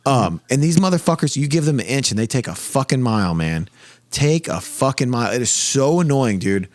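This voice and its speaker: A man's voice: mid-range voice, expressive, fairly quick, dry recording. A man in his thirties hosting a podcast, telling stories in a profane, ranting way in casual chat. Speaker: podcast host.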